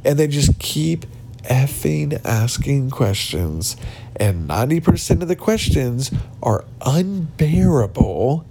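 A man's voice: mid-range voice, big pitch swings, slow pace, vocal fry, mellow, a little hiss or hum. A man hosting a casual podcast monologue, ranting bluntly and mocking people, recorded in a cabin without his usual mic. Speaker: podcast host. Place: cabin with other people around. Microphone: not his usual podcast mic.

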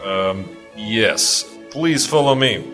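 A man's voice: on the low side, expressive, slow pace. An actor playing a stiff, formal, polite henchman in a game, with music underneath.

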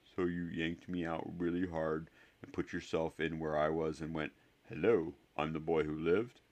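A man's voice: extremely low pitch, little pitch movement, normal speed, a little mellow. A man voicing a timid, frightened young boy who speaks in a thin, wavering, small voice. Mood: wounded.

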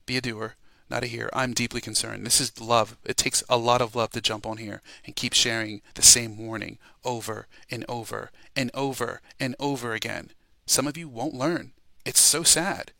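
A man's voice: mid-range voice, creaky, pushed and bright, dry recording. A man preaching an urgent warning sermon, repeating himself and exhorting listeners to repent. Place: home, podcast voice message.

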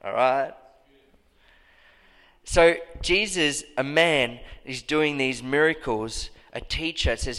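A man preaching a sermon to his church with passion, now and then bursting into high, emphatic cries. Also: slow pace, fairly bright tone. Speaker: pastor. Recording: long hall reverb.

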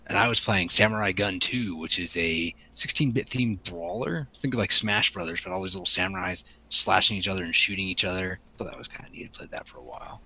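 A man's voice: low-pitched, brisk, few pauses, bright, forceful tone, husky, poor audio. A man from the Pacific Northwest, co-hosting a podcast in casual chat, rambling with ums and restarts. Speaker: podcast co-host.

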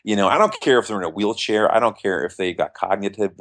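Lively, low-voiced man telling stories. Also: fast talker. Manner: animated storyteller acting out quoted voices. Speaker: magician, interview guest. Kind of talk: storytelling in an interview.

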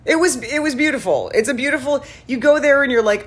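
A woman's voice: high voice, fast, breathy edge. A woman in casual chat, telling a rambling story full of restarts and "like".

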